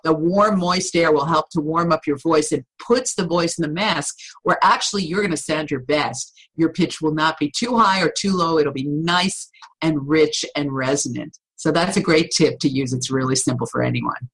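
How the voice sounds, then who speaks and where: Woman, voice coach, husky tone, fairly low voice, energetic, demonstrative. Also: moderate pace, rough recording. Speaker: voice coach guest. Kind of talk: podcast interview.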